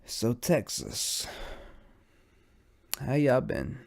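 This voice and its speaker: A young man with a gravelly, creaky voice at an ordinary pitch, hosting his podcast alone. He is high and sleepy and rambles from thought to thought in loose, profane slang. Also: sing-song, drawn-out words, a little mellow. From United States. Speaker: podcast host. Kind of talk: casual stoned monologue.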